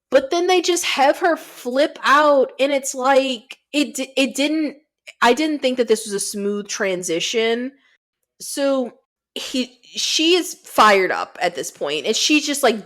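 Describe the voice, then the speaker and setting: A woman co-hosting a podcast, recapping a movie in casual chat, cursing freely and jumping into quick asides. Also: sits high. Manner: profane, animated retelling with quick asides. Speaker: podcast co-host.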